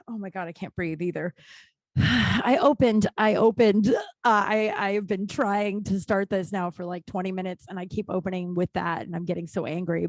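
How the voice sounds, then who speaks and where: A woman at mid pitch talks straight into the mic in a dry, close recording from a small closet. She hosts her own podcast as a loose solo monologue. She is blunt, swears freely, and rambles with many restarts. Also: no echo. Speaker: podcast host.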